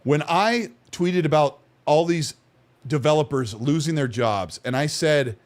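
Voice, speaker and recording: A man's voice: fairly high pitch, unhurried. A man hosting a casual gaming podcast, talking defensively with frequent restarts. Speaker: podcast host.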